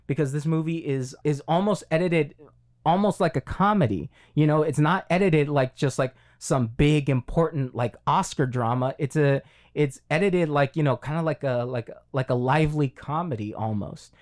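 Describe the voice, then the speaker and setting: A man's voice: on the high side, normal speed, a little mellow. A man co-hosting a casual film review podcast, talking in long rambling runs with many fillers and restarts. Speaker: podcast co-host.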